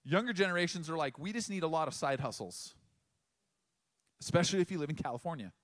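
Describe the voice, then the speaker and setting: High-voiced man preaching conversationally. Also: expressive. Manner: conversational preaching with emphatic pauses and restarts. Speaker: pastor. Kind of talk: sermon.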